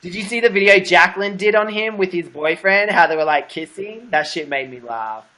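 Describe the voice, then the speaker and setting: A man's voice: high voice, fairly quick, bright, forceful tone. A young adult man hosting a casual livestream chat, gossipy and giggly with a camp manner. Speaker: host.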